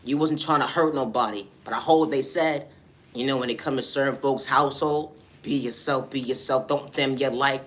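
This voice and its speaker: A man of average pitch talks through a loose spoken-word poem. He keeps looping back to the same refrains and repeats phrases for emphasis. His delivery is steady and unpolished. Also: moderate pace. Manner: repetitive refrains, "at the end of the day", "I say that respectfully". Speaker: vlogger.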